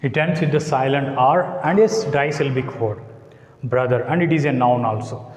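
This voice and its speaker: A male teacher with a medium-pitched voice lectures his class slowly and deliberately, repeating words and spelling out letters one at a time. The classroom is echoey, with long reverb.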